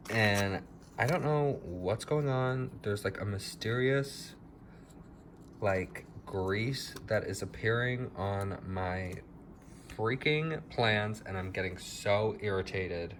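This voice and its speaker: A man with a lowish voice talks slowly and casually through a tour of his house plants, chatty and a bit dramatic about each one. A faint hiss of room noise sits under his voice. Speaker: plant vlogger. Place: home with plants, indoors.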